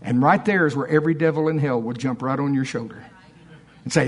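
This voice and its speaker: A preacher telling a story in an animated, conversational sermon. His voice sits a bit high for a man. He often checks in with the congregation by asking them questions. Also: quick pace.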